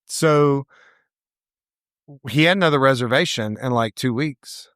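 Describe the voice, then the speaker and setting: Animated male storyteller, dry close sound. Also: mid-range voice, measured pace, dry recording. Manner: animated storyteller, acts out quoted voices, laughs often. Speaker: salon owner, podcast co-host. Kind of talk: casual storytelling chat.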